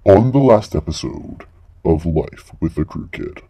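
Very deep-voiced man doing a mock recap. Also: expressive, measured pace, noisy background. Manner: announcer-style, dramatic countdown.

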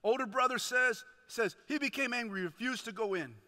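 A male chaplain preaches with lots of energy and keeps checking in with his listeners. His voice sits high and bright, almost sharp. Long reverb from the church hall trails after each phrase. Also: moderate pace. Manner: animated, calls to the congregation with "right?". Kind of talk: energetic sermon retelling a parable. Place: church sanctuary.

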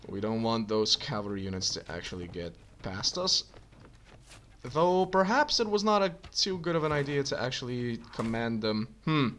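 A man commenting on his own gameplay in a casual, rambling way. He thinks aloud and fills pauses with "uh". His voice sits at an ordinary mid pitch. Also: very animated, fairly bright tone, a little hiss or hum. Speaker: let's play gamer.

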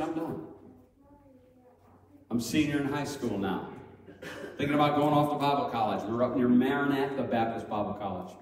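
Middle-aged male preacher, storytelling sermon, animated, distant mic in a roomy church hall. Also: medium pitch. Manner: animated, acts out quoted voices loudly. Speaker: Sunday school teacher. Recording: echoey hall from far off.

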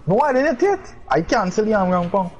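A man trash-talks his way through a fighting game, taunting and teasing with bursts of laughter. His voice sits on the high side and swings widely in pitch. A faint hiss runs underneath. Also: very animated, fairly quick, low-quality recording. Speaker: streamer. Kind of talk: gaming trash talk.

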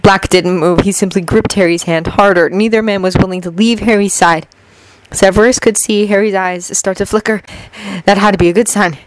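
A woman reading a fanfiction story aloud in steady, earnest storytelling. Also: medium pitch, brisk, no room sound, rough recording. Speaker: fanfiction reader.

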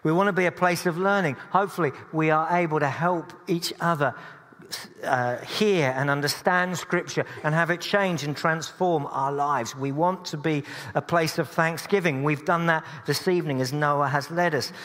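A man's voice: a little high, normal speed, a bit bright. A man preaching a sermon in a church, earnest but with dry humorous asides. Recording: long church reverb.

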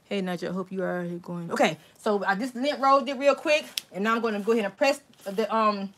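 Bright, excitable woman crafter. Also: medium pitch, fairly quick, a little hiss or hum. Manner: chatty and excitable, talks straight to viewers. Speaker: crafting channel host. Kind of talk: casual live-stream tutorial.

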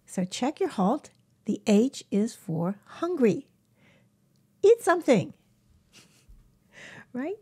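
Gentle female animal healer, somewhat high voice, warm and hushed, casual advice to camera. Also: big pitch swings, extremely slow, long pauses, husky. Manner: gentle, often drops to a soft whisper. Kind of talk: casual self-help talk to camera.

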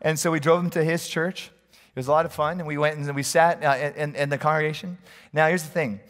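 A middle-aged pastor preaches in a conversational, storytelling way, with jokes along the way. His voice sits a bit high for a man. The sound rings out with a long reverb from the church hall. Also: steady tone, brisk, fairly bright tone. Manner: storytelling, conversational, humorous asides. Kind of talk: sermon.

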